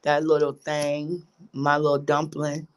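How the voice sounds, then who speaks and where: A woman's voice: sits low, completely flat delivery, unhurried. A middle-aged woman vlogging a candid story, with profane, emphatic and preachy talk.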